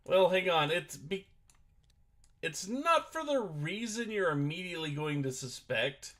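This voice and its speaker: A man with a high-sitting, bright, forceful voice and big pitch swings speaks unhurriedly on a casual gaming stream. He's setting up a board game at his computer and explaining the rules into a desk microphone, hesitating as he thinks things through aloud.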